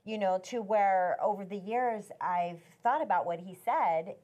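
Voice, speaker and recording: A woman sharing a faith-based marriage story in conversation, animated and acting out the quoted voices. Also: mid-range voice, a little slow, lo-fi sound.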